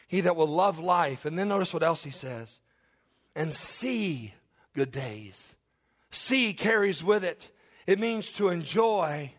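A male pastor preaching a sermon to his congregation, swinging from low, soft asides to raised, near-shouted emphasis. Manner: varied delivery, drops low and soft then rises to near shouts.

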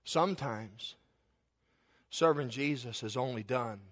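A man's voice: medium pitch, slow pace, fairly bright tone. A middle-aged male pastor, preaching a sermon with stories that build to an emphatic, rising delivery.

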